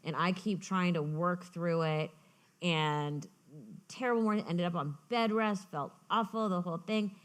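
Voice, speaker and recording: Laughing woman telling animated stories. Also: lowish voice. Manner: animated, laughing, many quick restarts. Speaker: author guest. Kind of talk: casual anecdotal storytelling.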